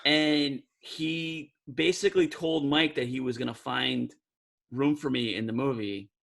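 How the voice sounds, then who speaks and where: A podcast co-host from New Jersey tells a long, rambling story in casual chat, packing it with "like" and acting out the voices he quotes. His medium-pitched voice is a bit bright with vocal fry, at a measured pace.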